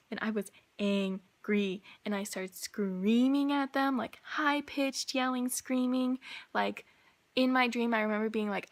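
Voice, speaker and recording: A young woman vlogging casually as she tells a long story, rambling with lots of filler words. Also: medium pitch. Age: young adult.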